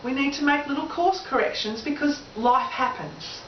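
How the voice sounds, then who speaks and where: Lively Australian woman seminar presenter. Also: high-pitched, moderate pace, slight background noise. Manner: lively, engaging, asks audience questions. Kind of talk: motivational seminar talk. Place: room with an audience. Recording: roomy, distant, lo-fi camera audio.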